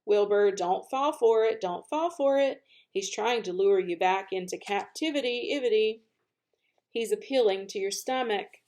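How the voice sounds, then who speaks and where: A woman voicing a bossy, excitable farmyard goose that repeats every phrase twice, in a storybook read-aloud. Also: medium pitch, normal speed, close to an everyday voice. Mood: urgent warning.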